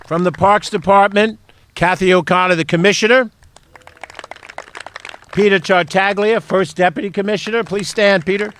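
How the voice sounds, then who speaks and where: A man's voice: sits high, fairly even intonation, normal speed, long pauses, a bit bright, a little hiss or hum. A man, a county executive, speaking at an outdoor stadium ceremony, reading out and thanking a list of people. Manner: reads out names and thanks them. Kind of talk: ceremony speech.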